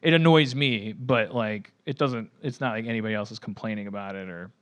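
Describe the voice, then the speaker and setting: A man's voice: fairly low pitch, brisk. A man hosting a podcast, telling a long story in a rambling, self-mocking way with lots of profanity and restarts. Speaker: podcast host.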